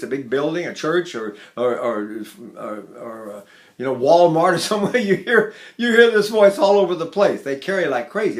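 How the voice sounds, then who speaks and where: An older man teaching singing technique, talking in an animated way with chuckling asides. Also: mid-range voice. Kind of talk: singing lesson lecture.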